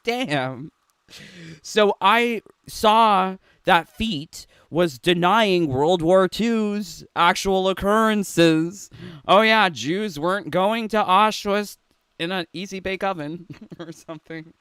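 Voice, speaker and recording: A man's voice: sits high, slow pace, a bit bright, clean tone, no echo. A man ranting in a sarcastic, rambling, giggly way from his home in a casual gaming vlog. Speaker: gaming YouTuber. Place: home room.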